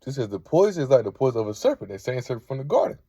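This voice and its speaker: Man, scripture teacher, gravelly, husky, reads verses aloud, keeps asking "right?". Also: medium pitch, sing-song, very fast, mellow, dry recording. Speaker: Bible teacher.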